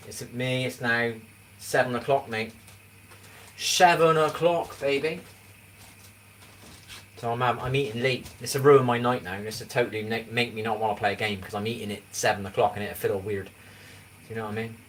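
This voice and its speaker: A man's voice: fairly low pitch, little pitch movement, quick pace, a bit bright. A man in his forties with an English accent, chatting casually on a livestream and rambling as he keeps asking if you know what he means. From England. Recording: distant mic with faint background noise.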